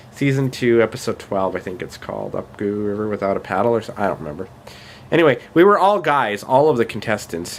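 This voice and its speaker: A Canadian man around thirty, chatting casually to camera in a self-deprecating, rambling vlog full of fillers and pauses. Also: on the low side, slight background noise. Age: 30s. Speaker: vlogger. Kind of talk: casual late-night vlog.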